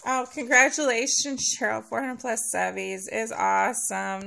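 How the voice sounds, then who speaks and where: Drowsy woman w/ heavy vocal fry, slow and sweet, thanks everyone a lot, faint hiss behind. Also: on the high side, fairly even intonation, sharp tone. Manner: sweet and gushing, says thanks over and over. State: sleepy and a little hoarse. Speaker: nail vlogger opening a giveaway package. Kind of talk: casual unboxing chat.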